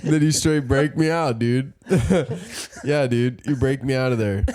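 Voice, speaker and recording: A man's voice: medium pitch, measured pace, crowd noise. A young man co-hosting a casual podcast, spinning a rambling, joking story and acting out bits with a laugh. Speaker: podcast co-host. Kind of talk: casual chat.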